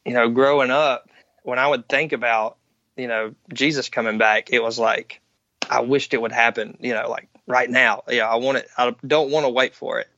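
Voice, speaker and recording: A wistful man muses in a bright voice. The recording is dry and close, with a dull, lo-fi tone. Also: medium pitch, steady tone, normal speed, no room sound. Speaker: interviewee. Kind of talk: candid personal recollection.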